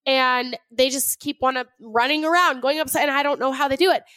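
A woman co-hosting a podcast in casual chat, animated and laughing often as she acts out her kids. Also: high voice, brisk, clean tone, no room sound. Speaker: podcast co-host.

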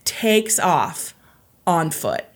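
A woman telling a true crime case in casual chat, acting out quotes and swearing casually. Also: extremely slow. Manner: animated, acts out quotes with raised pitch, swears casually.

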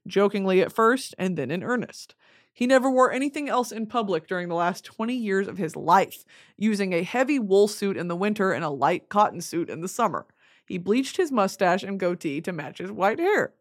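A young woman hosting a podcast, mid-pitched and conversational. She drifts off on tangents, swears casually and keeps the talk loose and chatty. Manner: rambling, tangent-prone, swears freely. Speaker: podcast host.

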